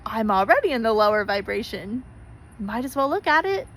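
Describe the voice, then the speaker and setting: A woman's voice: a little high, very animated, moderate pace, fairly bright tone, slight background noise, low-quality recording. Earnest, pleading woman vlogger. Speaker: spiritual vlogger. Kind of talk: heartfelt direct-to-camera talk.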